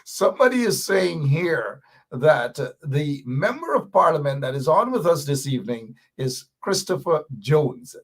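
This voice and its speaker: Male talk host, slightly husky, playful and teasing with his audience. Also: on the high side, very animated, measured pace. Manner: playful, teasing viewers while reading comments. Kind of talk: live call-in talk show chat.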